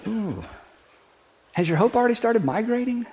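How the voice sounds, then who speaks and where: A middle-aged man with a fairly high voice preaches in a loose, conversational way. He jokes with his listeners, stacks rhetorical questions one after another, and coaxes them into saying a declaration together. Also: big pitch swings, fairly quick. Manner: leads the congregation in a spoken declaration. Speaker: pastor. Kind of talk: sermon.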